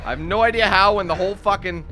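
A young man commentating on a game he is playing, excitable and cursing at it. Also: high-pitched, quick pace, faint music behind. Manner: excitable, swears and yells at the game. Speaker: let's play gamer. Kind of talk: gameplay commentary.

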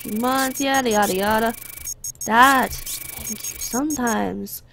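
A woman talks her way through a video game, bantering with the characters and sliding into playful mock accents. Her voice is a touch high and gravelly. Faint noise sits under the recording. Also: slow pace, a bit bright. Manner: chatty, drifts into playful put-on accents. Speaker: gameplay commentator. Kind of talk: casual let's play commentary.

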